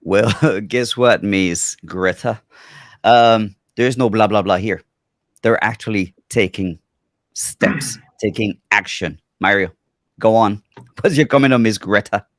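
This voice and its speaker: A man co-hosting a talk show, relaxed and hesitant, asking his partner questions. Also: lowish voice, slow pace, no echo, clean studio sound. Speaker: co-host. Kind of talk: casual talk show chat.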